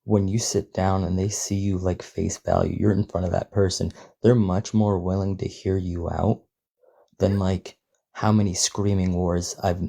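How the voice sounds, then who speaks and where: A man's voice: low-pitched, level tone, measured pace, vocal fry, warm tone. A man speaking as a panelist in a casual discussion, earnest and conversational.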